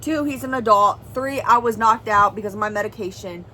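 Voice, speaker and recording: A woman's voice: medium pitch, a little fast, bright, forceful tone, slight background noise, poor audio. Young woman telling a rambling story. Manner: rambling, full of "like" and "well"; earnest, serious. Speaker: family vlogger. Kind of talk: personal storytelling.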